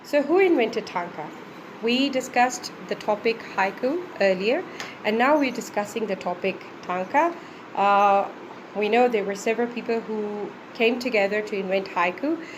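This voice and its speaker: A woman teacher giving a patient classroom lesson, repeating words slowly as she counts syllables. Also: fairly high pitch, background noise.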